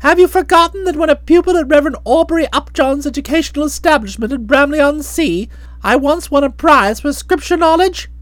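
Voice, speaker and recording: A woman narrating a comic story for an audiobook in a playful, expressive manner. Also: sits high, a little fast, no echo.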